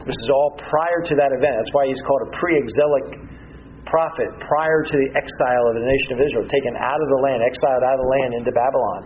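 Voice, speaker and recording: A man giving a measured, earnest Bible-teaching sermon as pastor, with frequent pauses and restarts. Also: medium pitch, steady tone, muffled recording, slight background noise.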